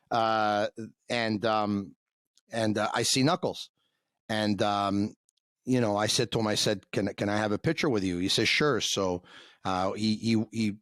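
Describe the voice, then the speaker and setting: Sex: man. Role: podcast crew member. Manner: halting, many fillers. Pitch: low. Sound: dry, close. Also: fairly bright tone, no echo. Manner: hesitant, lots of uh and so. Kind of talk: casual chat.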